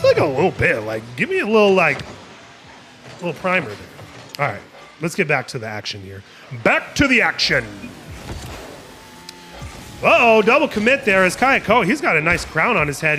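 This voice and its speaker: A man on a live stream doing esports play-by-play, his voice sitting a bit high and swinging all over the place as he hypes plays and jokes with chat. Faint game music plays underneath. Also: pushed and bright. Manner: hype-driven, playful trash talk, talks to chat. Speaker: tournament host and caster.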